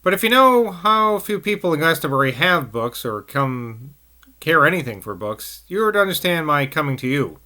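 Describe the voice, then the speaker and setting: A man voicing an earnest young man who speaks politely and haltingly, in a novel reading. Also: fairly high pitch, sing-song, sharp tone.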